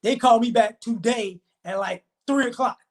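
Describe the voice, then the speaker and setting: A man ranting as he tells a story, swearing often and acting out the dialogue of the people in it. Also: extremely high pitch. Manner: profane, heated, fast retelling with quoted dialogue. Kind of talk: storytelling rant to camera.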